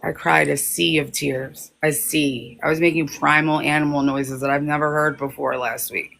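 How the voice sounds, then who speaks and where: Giggly bright-voiced woman with gravelly edge. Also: low-pitched, level tone, normal speed. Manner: giggly, talkative. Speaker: host. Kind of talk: casual spiritual chat.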